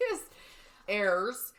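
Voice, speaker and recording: Bright-voiced chatty woman podcaster. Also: mid-range voice, sing-song, very slow, a little hiss or hum. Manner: chatty, laughs often, swears casually. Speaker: podcast co-host. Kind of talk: casual true-crime chat.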